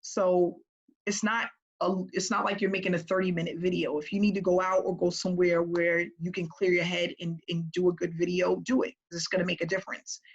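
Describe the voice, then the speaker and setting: A woman business coach talking to her group in a casual, energetic way, often checking in with "right?". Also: fairly low pitch, a little fast, husky, muffled recording.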